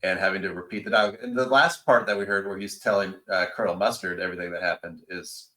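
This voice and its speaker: A man hosting a podcast, talking in an animated, enthusiastic way. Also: low-pitched, quick pace, poor audio. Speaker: podcast host. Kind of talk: casual chat.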